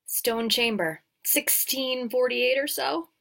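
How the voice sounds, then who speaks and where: A woman's voice: high voice, takes it slowly, vocal fry, a bit bright. A woman hosting a comedic movie recap show, talking in a sarcastic, irreverent way and swearing casually.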